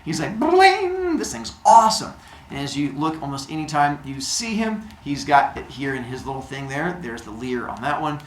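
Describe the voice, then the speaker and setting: A man with a mid-range voice hosts a show, comically retelling myths at a normal pace with hardly any pauses. He throws in goofy sound effects and silly noises, and the recording has a roomy echo.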